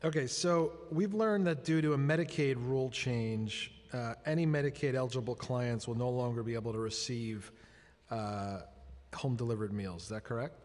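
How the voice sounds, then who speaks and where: A man's voice: mid-range voice, normal speed, darkish tone. A man questioning officials at a budget hearing, pointed and pressing. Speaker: council member questioning officials. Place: large council chamber. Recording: long chamber reverb.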